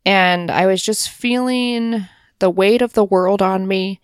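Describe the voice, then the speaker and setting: Brief: woman podcast co-host, smooth clean voice, dry sound, chatty and upbeat. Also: medium pitch, fairly even intonation, takes it slowly, dry recording. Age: adult parent. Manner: chatty, enthusiastic, lots of fillers. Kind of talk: casual chat.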